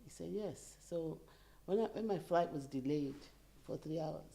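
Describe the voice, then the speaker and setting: Animated middle-aged woman with a gravelly voice. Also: low voice, moderate pace. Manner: animated, laughing storyteller. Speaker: bereaved participant. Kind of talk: personal storytelling in a group conversation.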